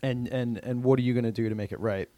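A man's voice: medium pitch, fairly even intonation, fast, warm tone, dry recording. A man co-hosting a podcast, chatting casually as he recaps a TV episode, with lots of "um" and "uh" and restarts. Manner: rambling with many fillers and restarts. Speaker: podcast co-host.

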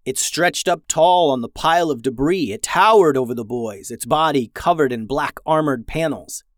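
A man reading a children's adventure story in a gentle, even storytelling manner as a podcast host. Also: fairly high pitch, moderate pace, no echo, studio quality. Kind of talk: scripted story narration.

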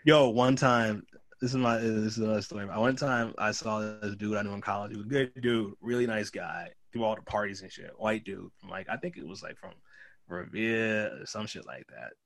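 With a fairly low voice at normal speed, a young Boston-area comedian spins stories in a laid-back chat, lively in his delivery and performing the voices of those he quotes.

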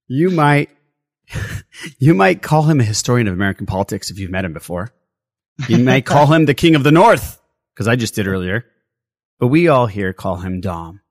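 A man's voice: medium pitch, animated, moderate pace, long pauses, dry recording, clean studio sound. A man hosting a casual podcast chat, upbeat and effusive, joking with his guests. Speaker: podcast host.

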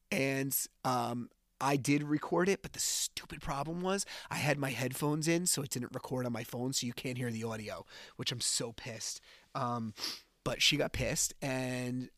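A man hosting a podcast, telling a personal story in a casual, animated way and acting out the dialogue. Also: mid-range voice, no echo, clean studio sound. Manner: animated, acts out dialogue while retelling. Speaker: podcast host.

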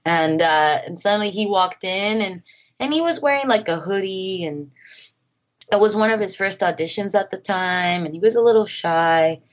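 A woman filmmaker chatting as an interview guest, lively and full of acted-out quotes and laughter. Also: mid-range voice, normal speed, dull audio. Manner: animated, acts out quotes, laughs often. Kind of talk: casual interview chat. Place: home.

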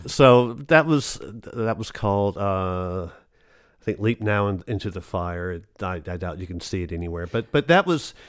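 A man's voice: lowish voice, expressive, unhurried, no room sound. Rambling man with a dry voice. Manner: rambling, many restarts and fillers. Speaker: actor, interview guest. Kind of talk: casual conversational interview.

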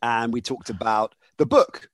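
A man's voice: medium pitch, lively intonation, a little slow, dry recording. A man hosting a casual podcast, chatty and often laughing. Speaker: podcast host.

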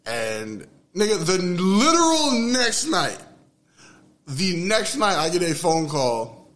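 A young man telling a story in casual podcast chat, animated and laughing as he talks. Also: high voice, slow pace. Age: young adult.

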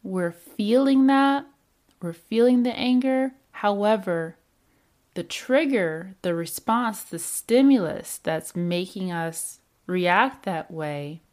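A woman talking through anger and how people react to it in a reflective self-help style. Her delivery is slow and deliberate, set a touch low. She keeps coming back to the same emphatic phrases and puts questions to the listener. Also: darkish tone. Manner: repetitive, emphatic, rhetorical questions. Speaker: speaker on anger and emotions.

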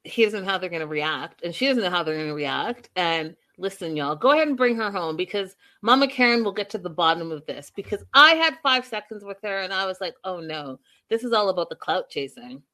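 A woman's voice: mid-range voice, expressive, brisk, hardly any pauses, sharp tone. A woman hosting a live recap chat who talks casually and addresses her viewers directly. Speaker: host.

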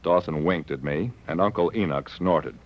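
A deep-voiced actor portrays a private detective who narrates his own case with dry wit and a lively delivery, in the manner of 1940s radio drama. He speaks at normal speed with no echo, on a dull old radio recording carrying faint hiss.

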